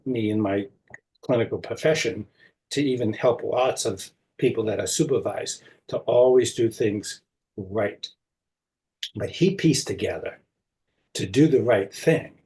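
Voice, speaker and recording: An older man speaks as an interview guest, unhurried and deliberate as he recounts a personal story. His voice sits at an ordinary middle pitch. He gives the people in his story their own lines, acting out what they said. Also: darkish tone, low-quality recording. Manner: unhurried storytelling, acts out quoted speech.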